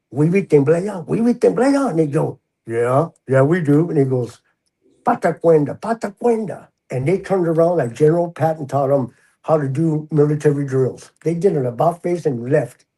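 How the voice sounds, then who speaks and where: Husky older man telling a story. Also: a little high, low-quality recording. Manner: animated, acts out the quoted voices. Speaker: guest, retired prison officer. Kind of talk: casual storytelling in a podcast interview.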